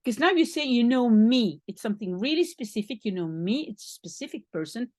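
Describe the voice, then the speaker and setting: A woman's voice: fairly high pitch, animated, brisk, darkish tone, no echo, clean studio sound. A woman teaching a French lesson in English, explaining patiently step by step and spelling out each French word. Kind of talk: language lesson.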